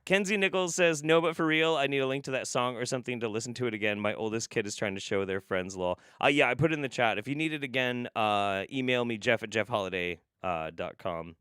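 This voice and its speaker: Sarcastic streamer guy rambling on, bright voice, dry close mic. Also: medium pitch, fast, hardly any pauses, clean tone, no echo. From United States. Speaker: streamer host reacting to videos. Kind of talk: casual live-stream commentary.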